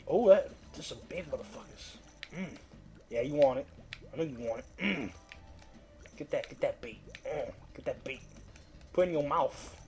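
His voice is on the high side and a little mellow as he gives casual let's-play commentary. The gameplay commentator swears and trash-talks the fish, coaxing and begging them to bite until frustration sets in.

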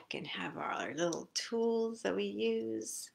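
A woman leading a live guided face massage session, giving slow, soothing step-by-step cues. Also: medium pitch, huge pitch swings, vocal fry. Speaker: self-care instructor.

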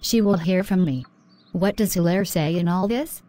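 A woman voicing a caring mother in an animated drama, protective and indignant. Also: lowish voice, moderate pace, natural voice. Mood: concerned.

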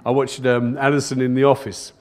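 A man's voice: mid-range voice, little pitch movement, fairly quick. An older man, a pastor, preaching a sermon to a live congregation in a church, repeating phrases for emphasis and calling out "Amen?" to the room. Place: church service, recorded live.

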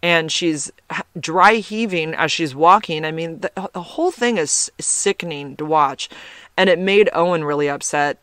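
Man, podcast host, casual rambling story, fairly high voice, smooth and clear, dry close sound. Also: moderate pace, pushed and bright, no room sound. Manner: chatty, rambling, peppered with "like" and frank swearing.

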